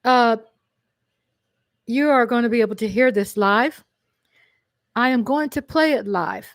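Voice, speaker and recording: A woman with a Texan accent hosts a casual livestream, reading a long list of names in a fairly high voice. She chats eagerly and corrects herself when she stumbles. The sound is dry and close. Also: a little slow, no echo. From Texas. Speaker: livestream host.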